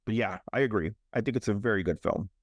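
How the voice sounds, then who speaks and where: A young man co-hosting a horror podcast, recapping a movie in a casual, animated way, joking and laughing. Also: fairly low pitch, fast talker, dry recording. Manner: animated storyteller, jokes and laughs. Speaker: podcast co-host.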